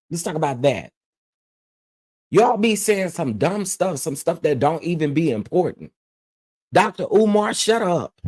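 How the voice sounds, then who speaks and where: A man's voice: fairly high pitch, darkish tone. A man hosting his own commentary channel, ranting bluntly and emphatically and repeating phrases to press his point.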